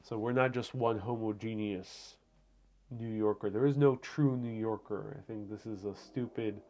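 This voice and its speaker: This Puerto Rican man has a fairly low, dark voice with fairly even intonation and a moderate pace. Hosting a home live stream, he casually rambles through viewer comments, frequently using fillers and starting over.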